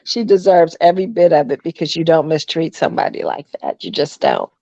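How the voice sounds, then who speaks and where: Gravelly woman caller on a muffled line. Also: low-pitched, big pitch swings, a little fast, warm tone, dry recording. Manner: blunt, judgmental opinions. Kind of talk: call-in chat.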